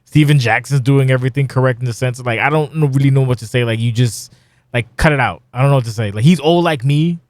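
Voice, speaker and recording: A man's voice: medium pitch, quick pace, no room sound. Middle-aged man, podcast host, blunt and profane, rambling chat, dry close recording.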